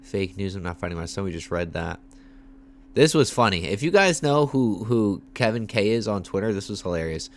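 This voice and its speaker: A young man livestreaming casual commentary, talking in hyped, repetitive bursts with slang and shout-outs to viewers. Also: fairly low pitch, expressive, normal speed. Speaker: MMA livestreamer.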